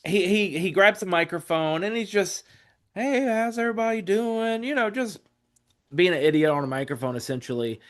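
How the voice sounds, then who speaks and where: Man, forties, podcast guest, casual storytelling, profane, rambling, slightly high voice. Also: animated, a little fast, fairly bright tone. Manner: profane, rambling, acts out quotes.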